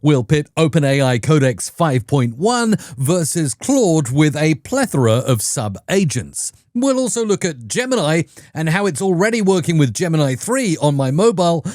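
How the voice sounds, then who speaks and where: A man's voice: on the high side, sing-song, normal speed, few pauses, a little mellow, no echo, clean studio sound. A man hosting a tech video and talking through his tests in an upbeat, conversational way. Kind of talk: enthusiastic tech review narration.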